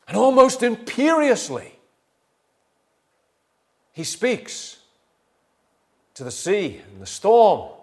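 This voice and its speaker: Older guy preaching, fairly high voice, gets loud and big then drops to near a hush. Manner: animated, swings from quiet asides to loud dramatic voicing. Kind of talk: sermon.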